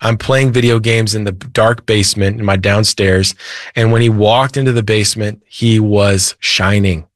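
A man's voice: lowish voice, steady tone, normal speed, no echo, clean studio sound. A man, a podcast guest, earnestly telling his faith testimony in conversation. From United States. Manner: earnest storytelling, with quoted dialogue and light laughs. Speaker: interview guest.

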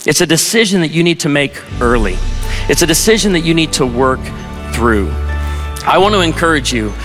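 Humorous preacher in a reverberant hall. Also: male voice, a little high, lively intonation, fairly quick, over music. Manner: conversational storyteller, wry humor. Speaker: pastor. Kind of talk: sermon with humorous anecdotes. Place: large university auditorium.

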